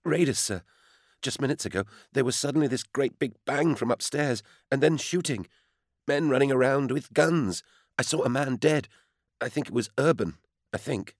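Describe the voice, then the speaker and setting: In an audiobook, a man voices a young housemaid who is frightened and breathless with panic, pitching his mid-range voice above his natural register in a lightly acted performance. His intonation is lively and his pace moderate, and the mood is panicked. The studio-quality recording has no echo.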